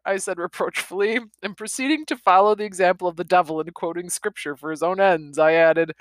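A woman's voice: lowish voice, fairly quick, few pauses, dry recording. A woman reading a novel aloud and stopping for chatty, laughing comments. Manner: chatty, laughs between passages. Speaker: reader.

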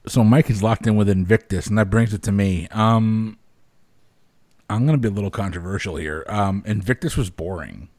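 A man's voice: lowish voice, moderate pace, darkish tone, no echo. A man hosting a casual podcast over a video call, wry and steering the panel from one speaker to the next. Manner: wry, moderating, hands turns to panel. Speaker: podcast host.

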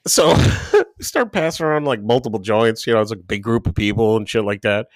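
A man's voice: on the low side, a little fast, no room sound. A man co-hosting a podcast, telling long casual stories full of "like" and quoted dialogue, swearing freely. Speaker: podcast co-host. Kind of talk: casual storytelling chat.

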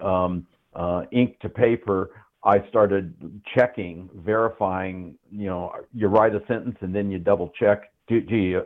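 An older man talks through a narrow, phone-like line, his voice sitting a little low. He rambles in a relaxed way with lots of ums and uhs, as a guest in a casual interview. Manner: relaxed, rambling with many fillers. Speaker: guest economist and writer.

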